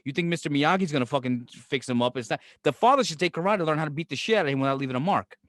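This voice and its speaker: A man's voice: fairly high pitch, lively intonation, rapid-fire, a bit bright, no echo, clean studio sound. A middle-aged man with a New York accent, co-hosting a podcast, blunt, profane and sarcastic. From Brooklyn, New York. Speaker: podcast co-host. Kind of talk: casual chat.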